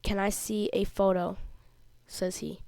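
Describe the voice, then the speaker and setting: A kid before puberty, a little under the weather, rambles through a vlog in an indignant tone. The voice is smooth and clear, with a flat, level pitch. It sits close and dry, with almost no room sound. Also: a little slow, no echo. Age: child, before puberty. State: a little sick. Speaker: video creator. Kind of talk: casual vlog commentary over screenshots.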